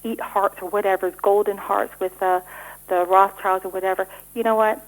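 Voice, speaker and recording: A middle-aged woman giving rambling interview answers, talking rapidly with frequent restarts and stumbles. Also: medium pitch, level tone, rough recording. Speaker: interview guest.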